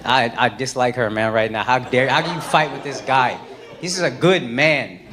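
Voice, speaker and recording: A man doing stand-up crowd work, loud and profane, breaking into shouts. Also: medium pitch, moderate pace. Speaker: stand-up comedian. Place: live comedy venue with audience. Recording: roomy live venue with loud crowd.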